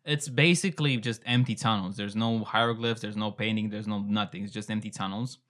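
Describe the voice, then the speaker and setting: Bright-voiced joking man. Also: on the low side, fairly even intonation, a little fast. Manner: joking, storytelling, laughs often. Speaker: podcast co-host. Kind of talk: casual chat.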